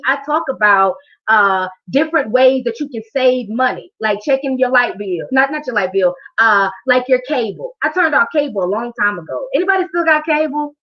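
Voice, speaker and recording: A high-pitched woman leads a live online workshop as a financial coach, speaking with a fervent, preacher-like drive and calling out to her listeners. Her voice comes through a muffled, lo-fi video call. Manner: animated, preacher-like, talks straight to the audience. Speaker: financial coach hosting a training.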